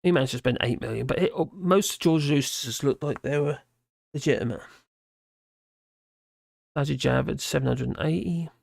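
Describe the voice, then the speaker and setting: A live streamer who is worn out and mumbling, with a gravelly, creaky voice. The sound is dry and close, with no room around it. Talks casually, rambling and restarting while reading out comments. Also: mid-range voice, darkish tone, no echo. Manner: rambling, halting, with many restarts. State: tired and mumbling.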